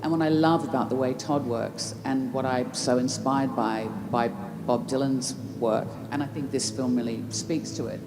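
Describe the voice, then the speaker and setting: A woman's voice: a bass voice, fairly even intonation, normal speed, few pauses. Reflective woman talking it through at a festival q&a, roomy sound, noisy background. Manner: reflective, restarts mid-thought. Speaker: festival Q&A guest. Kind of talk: thoughtful answers to audience questions. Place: large festival tent.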